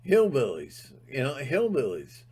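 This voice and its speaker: A man's voice: mid-range voice, huge pitch swings, unhurried, darkish tone, breathy edge. A man giving a rambling, emphatic spiritual monologue, sometimes breaking into mocking mimicry. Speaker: spiritual vlogger.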